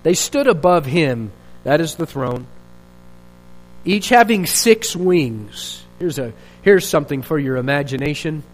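A man's voice: on the high side, lively intonation, a little slow, poor audio. A male pastor preaching a sermon in an earnest, searching way, asking rhetorical questions and restarting his phrases.

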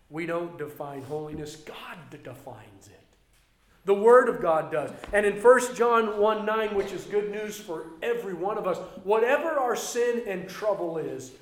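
A man preaching a sermon as a pastor, emphatic and swinging between loud passages and quieter ones. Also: fairly high pitch. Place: church. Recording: roomy echo.

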